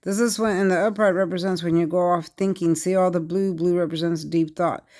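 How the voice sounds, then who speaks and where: Tarot reader, mid pitch, earnest, keeps repeating words in short bursts, talks right to the viewers. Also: steady tone, a little mellow. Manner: halting, repetitive, speaks in short bursts; earnest, addresses viewers directly. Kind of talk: tarot card reading monologue.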